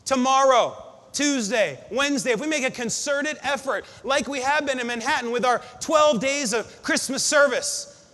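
A man preaching a sermon to his congregation, building up to shouted refrains. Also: extremely high pitch. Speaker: pastor. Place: church sanctuary. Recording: long hall reverb.

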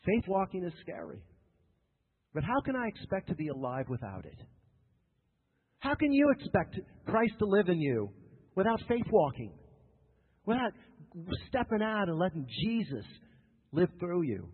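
A man's voice: high voice, very animated, moderate pace, pauses often, slightly rough. Male preacher, sermon delivery, repetitive and emphatic with jokes, echoing church hall, tinny lo-fi capture. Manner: emphatic and repetitive, with joking asides to the congregation. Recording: tinny lo-fi sound with long hall reverb.

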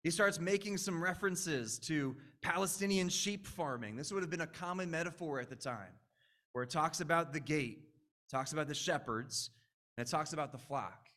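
A pastor preaching in an easygoing, earnest way, often restarting his sentences. His voice sits a bit high for a man and sounds bright and forceful. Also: normal speed. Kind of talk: sermon.

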